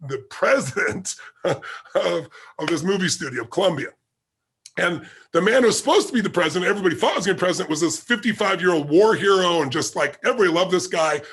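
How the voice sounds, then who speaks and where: A man's voice: high voice, quick pace, a bit bright, slightly rough. A man being interviewed as a guest, telling a story vividly and acting out the quoted dialogue. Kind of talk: animated anecdotal storytelling.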